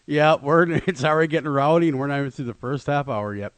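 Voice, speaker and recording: A man's voice: fairly high pitch, fast talker, clean tone, no room sound. A man co-hosting a radio show in casual banter, telling stories playfully and often laughing. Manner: animated, laughing, playful storytelling. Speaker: radio co-host.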